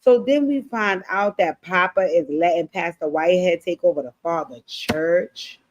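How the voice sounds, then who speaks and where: A woman's voice: fairly low pitch, moderate pace, lo-fi sound. Woman recapping a show. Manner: animated, profane storytelling with quoted voices. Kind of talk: casual episode recap.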